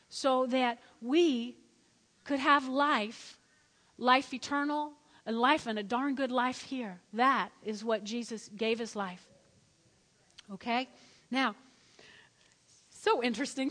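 High-voiced woman preaching in a reverberant hall. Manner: lively, dramatic storytelling with acted-out quotes. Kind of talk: sermon.

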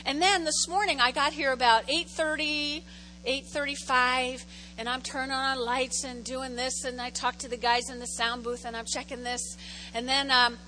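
A woman's voice: high voice, sharp tone, slight background noise, rough recording. A middle-aged woman pastor preaching a conversational sermon in a church, telling stories animatedly and repeating phrases for effect. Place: church sanctuary.

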